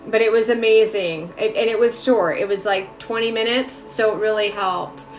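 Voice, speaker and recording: A woman's voice: medium pitch, steady tone, moderate pace, echoey room, faint music behind. A woman giving casual live-stream spiritual readings, chatty, greeting viewers by name and talking with lots of fillers. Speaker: spiritual reader and mentor. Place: home room.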